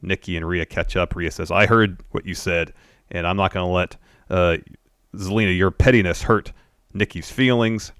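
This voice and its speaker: Deep-voiced man recapping matter-of-factly. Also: steady tone, moderate pace, fairly bright tone, clean tone, dry recording, studio quality. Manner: matter-of-fact recapping, frustrated complaints. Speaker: podcast co-host. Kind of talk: casual wrestling recap chat.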